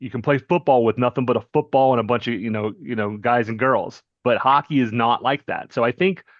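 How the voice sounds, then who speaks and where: A man's voice: mid-range voice, a little fast, dry recording. A man from North Carolina hosting a podcast who talks casually and keeps checking in with "right?" and "you know". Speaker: podcast host. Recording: dry, dull lo-fi sound.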